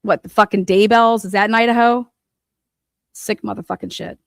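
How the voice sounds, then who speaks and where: A woman's voice: medium pitch, steady tone, normal speed, gravelly, dry recording, clean studio sound. A woman true crime commentator in an angry, profane rant, cursing and mocking the people she talks about.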